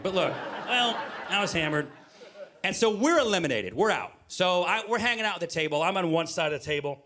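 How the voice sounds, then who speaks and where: A man in his forties tells a long stand-up story into a handheld mic on a live stage. His voice sits a bit high for a man, and he stays animated throughout. He jumps into loud acted-out moments. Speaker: stand-up comedian.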